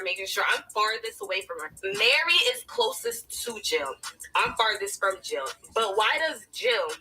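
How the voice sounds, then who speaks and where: A woman with a bright, slightly husky voice tells a story in a loose, profane way and keeps turning to her listeners. She sounds a little far from the mic, and soft music plays beneath her. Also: medium pitch. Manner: animated, profane, talks straight to listeners. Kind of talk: casual storytelling. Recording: distant mic with music underneath.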